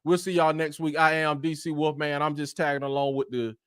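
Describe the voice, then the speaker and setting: A man's voice: a little high, flat delivery, fairly quick, fairly bright tone, smooth, no room sound, studio quality. Slangy man hosting a podcast. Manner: easygoing, slangy, repeats "man". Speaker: sports podcast host. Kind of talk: casual sports podcast chat.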